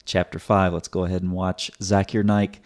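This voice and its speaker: A man's voice: low voice, flat delivery, moderate pace. A man hosting his own video, giving a teaching commentary in a sarcastic, explanatory way and often repeating words as he restarts. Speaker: host.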